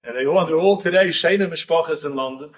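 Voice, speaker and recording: A man, a rabbi, telling a story in a lecture with animated, building drama. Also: fairly high pitch, fast talker, far from the mic.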